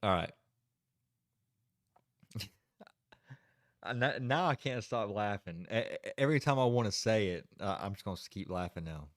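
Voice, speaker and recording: A man's voice: fairly low pitch, lively intonation, moderate pace, pauses often, no room sound, studio quality. A man hosting a casual livestream, chatty and giggly, stalling and restarting between laughs. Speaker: livestream host.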